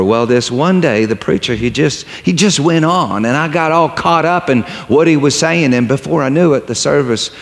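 A man voicing a humble, wounded old mountain man who talks in a halting, folksy way. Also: medium pitch, close to an everyday voice. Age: older. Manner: halting, folksy, repeats himself. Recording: long hall reverb.

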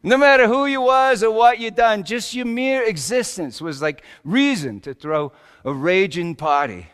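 A man's voice: high voice, expressive, a little slow, fairly bright tone, smooth, big-room sound. A man playing Joseph, a humble carpenter father, in a first-person dramatic monologue, telling stories in a folksy, chuckling way with loose grammar. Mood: reflective.

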